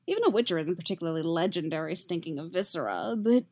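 A woman's voice: lowish voice, expressive, fast talker, a little mellow. Woman voicing a rueful tipsy male bard. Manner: dry, rueful, slurs slightly from drink. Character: wry tipsy male bard, self-mocking.

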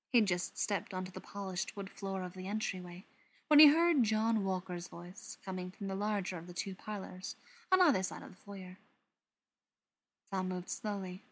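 A woman narrating an audiobook in a calm, measured reading. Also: medium pitch. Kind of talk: scripted narration.

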